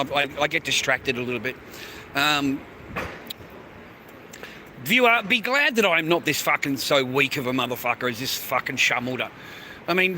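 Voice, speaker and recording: A foul-mouthed Australian man rants on his own livestream, tossing "mate" into nearly every line. His voice sits a little high and comes across very bright and sharp. The talk rambles from one crude tangent to the next. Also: slight background noise. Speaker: livestream host.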